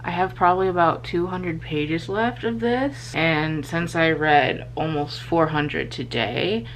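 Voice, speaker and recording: A young woman with a low voice talks at a measured pace, the poor audio carrying some hiss or hum. She's at home late at night, filming herself on a handheld camera, worn out but gushing and swearing freely about a book.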